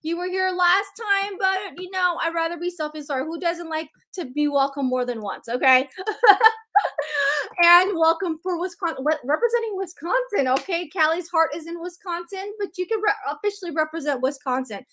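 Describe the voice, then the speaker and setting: Bubbly high-voiced woman hosting a live stream. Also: normal speed, bright, forceful tone. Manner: bubbly and chatty, calls viewers girlfriend. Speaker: host of a live sales stream. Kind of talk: live stream shout-outs to viewers.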